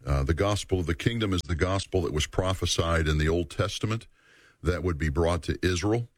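A man teaching a Bible study series in an earnest, measured way, repeating words for emphasis. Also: sits low, dry recording.

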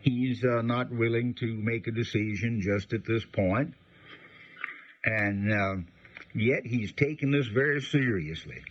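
A man giving a conversational Bible teaching, folksy and unhurried, pausing often with fillers. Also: medium pitch, breathy edge, dull audio.

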